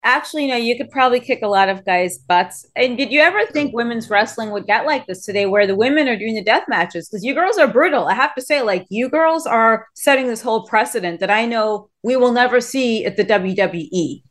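A woman hosts a casual interview in a somewhat high voice. She is excitable and jokey and gets worked up quickly. Her delivery stays loose and chatty. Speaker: host.

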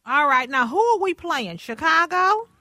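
A woman's voice: sits high, sing-song, a little slow, bright, forceful tone, no room sound, studio quality. A woman hosting a radio talk show, exuberant and teasing, often laughing as she talks. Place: radio studio.

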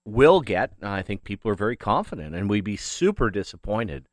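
A man's voice: fairly low pitch, moderate pace, no room sound, clean studio sound. A man co-hosting sports talk radio, joking around animatedly and tacking "eh" onto his lines. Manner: jokey, animated, says "eh".

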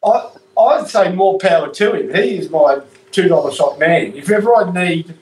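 A man with an Australian accent telling an animated story on a casual radio show. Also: high voice, normal speed, echoey room, low-quality recording.

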